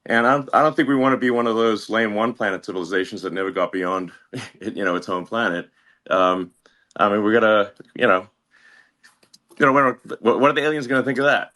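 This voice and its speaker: A man as a guest in a casual conversation, halting and stammering through many restarts. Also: lowish voice, bright, forceful tone.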